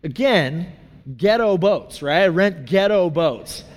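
A man's voice: high voice, lively intonation, takes it slowly. A man telling a personal story in a sermon, casual and chatty, full of asides and fillers. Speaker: pastor. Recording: reverberant hall.

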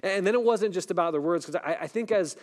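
A middle-aged man preaching a sermon in a conversational way, often asking "right?" and dropping his voice low and soft when a story turns tense. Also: fast. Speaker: pastor.

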